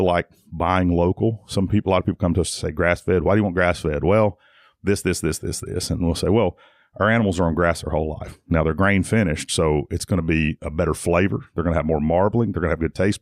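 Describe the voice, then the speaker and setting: A man's voice: sits low, no echo, studio quality. A middle-aged man, a guest casually telling stories in a rambling way with lots of restarts. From Tennessee. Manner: rambling, frequent restarts and "like" fillers. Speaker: guest, jiu-jitsu academy owner. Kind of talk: casual conversational storytelling.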